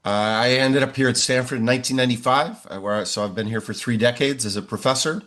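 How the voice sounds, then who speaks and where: A man in his sixties, a professor answering interview questions in a measured way, often pausing on "uh". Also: medium pitch, a bit bright. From United States. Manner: measured, frequent "uh" fillers.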